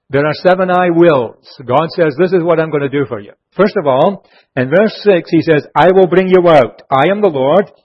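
A man preaching an expository sermon, earnest, slowing down and dropping his voice low on key phrases. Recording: muffled lo-fi sermon recording.

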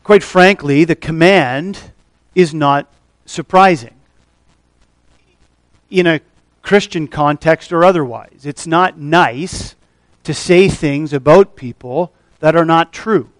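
A male pastor with a somewhat high voice delivers a measured expository sermon. He teaches step by step and pauses often. The sound is dry and close, with little room echo. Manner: measured expository preaching with frequent uh fillers.

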